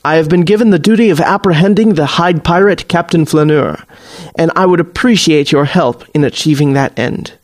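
A man's voice: on the high side, moderate pace, natural voice. A man voicing a formal, old-fashioned male naval warlock officer who speaks in archaic phrasing. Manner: archaic, stiffly formal speech.

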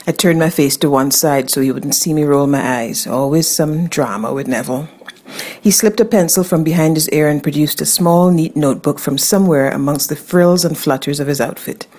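A woman narrating a first-person fantasy story in a wry, expressive way. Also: low-pitched, fairly quick.

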